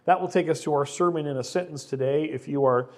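A man's voice: fairly high pitch, quick pace, darkish tone. A middle-aged man preaching a conversational sermon, often repeating words as he starts a sentence. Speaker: pastor.

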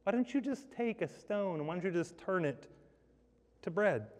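A man's voice: high voice, expressive, normal speed, darkish tone. A preacher voicing a sly male devil who coaxes and wheedles. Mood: coaxing. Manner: wheedling, coaxing. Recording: long reverb hall.

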